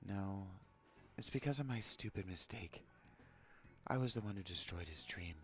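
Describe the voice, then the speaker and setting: A man voicing a timid, apologetic woman who speaks softly and blames herself. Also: sits low, moderate pace, faint music behind, natural voice. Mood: meek. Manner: soft and apologetic.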